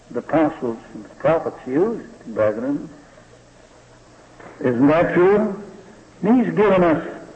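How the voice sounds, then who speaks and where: A man preaching a sermon slowly and deliberately, often asking the listeners rhetorical questions. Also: fairly high pitch. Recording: dull lo-fi recording in a reverberant hall.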